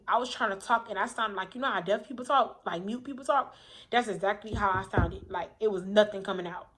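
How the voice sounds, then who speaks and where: A woman's voice: fairly high pitch, a bit bright. A woman candidly telling a personal story to camera in a casual, emphatic way, often repeating herself for weight. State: coughing. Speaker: vlogger telling her own story.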